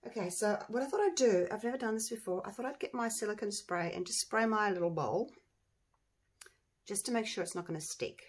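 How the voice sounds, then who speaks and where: A woman who runs a resin craft channel, chatting to viewers in an excitable, gushing way while she works. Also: medium pitch, brisk, slightly rough. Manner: excitable, gushing, talks to viewers as you guys. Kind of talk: casual chat while crafting.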